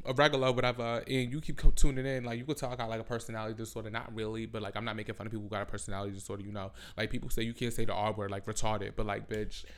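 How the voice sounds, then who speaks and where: A man's voice: fairly low pitch, little pitch movement, rapid-fire, hardly any pauses, a bit bright. A young man hosting a casual solo podcast from home, rambling and self-mocking, swearing freely, with "like" in every other sentence. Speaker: podcast host. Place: home with family over. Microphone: close podcast mic.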